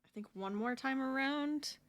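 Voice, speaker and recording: A woman's voice: high-pitched, normal speed. A woman streaming live while she crochets, chatting and laughing with her viewers and counting stitches under her breath.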